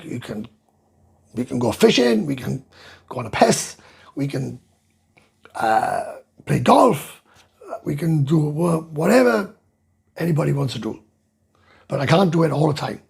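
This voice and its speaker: A man's voice: a little high, lively intonation, unhurried, long pauses. A middle-aged Welsh man hosting a casual live chat, reading viewer comments aloud and answering in a blunt, sweary, ranting way. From Wales. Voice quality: gravelly, very husky. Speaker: livestream host reading chat.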